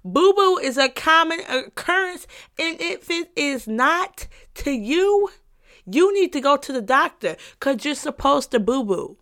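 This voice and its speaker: This podcast host's voice is high and a bit bright, with big pitch swings and a measured pace. Alone on a casual monologue, she's emphatic and repetitive, with plenty of profanity, and she's playful, frequently bursting out laughing.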